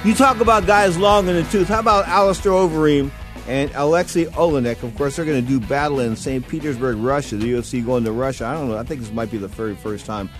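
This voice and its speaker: A man hosting a sports talk radio show, excitable and rambling, telling stories full of asides. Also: mid-range voice, fast talker, faint music behind.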